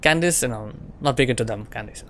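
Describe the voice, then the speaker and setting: A man streams a game and chats with his viewers. His voice sits at an ordinary middle pitch. He rambles, repeats phrases and fills the gaps with filler words. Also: quick pace, fairly bright tone, slight background noise. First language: French. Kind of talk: casual stream chat with viewers.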